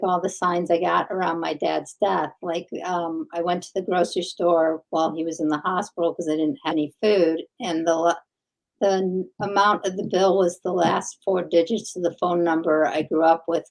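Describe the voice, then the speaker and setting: A woman's voice: lowish voice, steady tone, moderate pace, gravelly, poor audio. A woman co-hosting a podcast, reflecting earnestly in casual chat. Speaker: podcast co-host.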